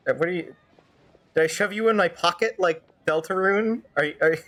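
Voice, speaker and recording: A woman streamer with a somewhat low, slightly bright voice talks briskly while playing and fan-dubbing a game. Her commentary is casual and joking, full of rambling asides.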